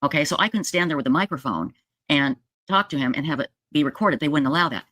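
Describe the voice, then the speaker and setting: Animated woman retelling a story. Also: fast, dry recording. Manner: animated, emphatic retelling with jumps up in pitch; addresses viewers directly with frequent "okay?". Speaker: true crime video commentator. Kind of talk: casual storytelling to viewers.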